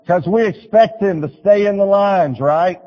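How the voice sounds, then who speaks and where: A man preaching a sermon, telling stories and urging his listeners, swinging from loud appeals to quiet pleas. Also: sits high, measured pace, in a large hall, highs cut off. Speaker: pastor.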